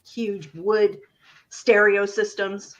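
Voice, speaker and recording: A woman in her fifties co-hosting a casual chat, groping for names and telling lively anecdotes. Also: mid-range voice, drawn-out words. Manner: searching for words, lively anecdotes. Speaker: co-host. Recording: slightly dull recording.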